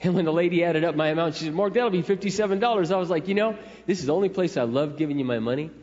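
A man's voice: fairly high pitch, rapid-fire, a little mellow. A middle-aged man preaching a sermon in a conversational, storytelling way. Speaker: pastor. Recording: echoey hall, dull lo-fi sound.

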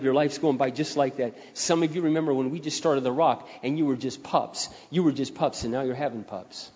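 A male pastor preaching a sermon, repeating key phrases and swelling louder to drive them home. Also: on the high side, expressive, moderate pace. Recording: dull sound, long hall reverb.

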